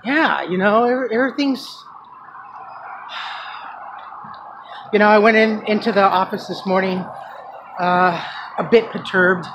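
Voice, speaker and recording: A man's voice: sits high, takes it slowly, pauses often, dull audio, noisy background. A man talking emotionally in a casual personal vlog, rambling and restarting his sentences. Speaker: vlogger.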